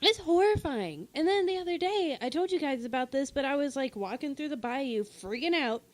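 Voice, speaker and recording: A woman co-hosting a casual podcast chat, telling animated stories, swearing freely and getting loud when excited. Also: sits high, moderate pace. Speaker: podcast co-host.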